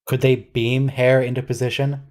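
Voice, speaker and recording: A man's voice: medium pitch, flat delivery, normal speed, a little mellow. A man hosting a watch-along, giving casual, wry, quizzical commentary and thinking aloud.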